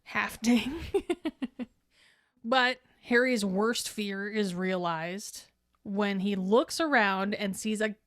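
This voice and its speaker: A woman's voice: medium pitch, drawn-out words, a bit bright, no room sound, studio quality. A woman co-hosting a podcast in casual, profane, laughing chat. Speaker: podcast co-host.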